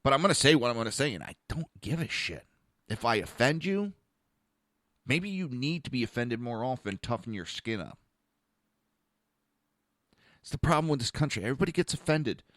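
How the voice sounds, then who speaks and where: A man's voice: medium pitch, sing-song, normal speed, pauses often, fairly bright tone, dry recording, clean studio sound. Blunt, profane ranting man. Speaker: podcast host. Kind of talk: ranting political commentary.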